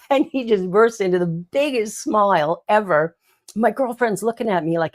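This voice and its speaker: An older woman, a minister hosting her own show, gives an inspirational talk in a mid-range voice with lively intonation at a moderate pace. She tells stories warmly, giggling and tossing in asides.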